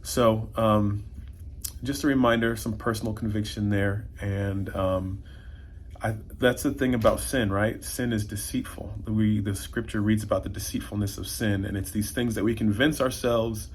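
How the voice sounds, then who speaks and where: A man's voice: lowish voice, fairly even intonation, normal speed, slight background noise. A pastor talking casually to his prayer team in a video check-in, with many fillers and restarts.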